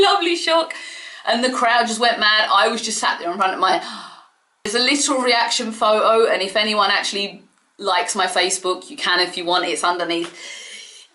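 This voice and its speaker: A chatty woman reviews a wrestling event on her own, gushing and excitable as she goes. Her voice is bright and forward. The room around her is echoey and bare. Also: medium pitch. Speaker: wrestling vlogger. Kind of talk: casual solo review. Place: home room.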